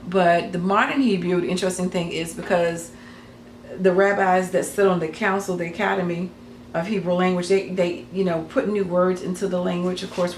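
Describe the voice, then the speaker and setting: A woman's voice: lowish voice, creaky. A woman explaining casually to camera in a rambling, hesitant way, with many ums and self-corrections. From United States. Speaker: craft channel host. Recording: echoey room with faint noise.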